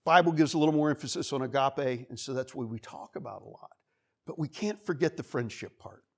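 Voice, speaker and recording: A man's voice: mid-range voice, fairly quick, gravelly. A man preaching a sermon in a church, talking in a conversational way and acting out the voices of the people he quotes. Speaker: pastor. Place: church sanctuary.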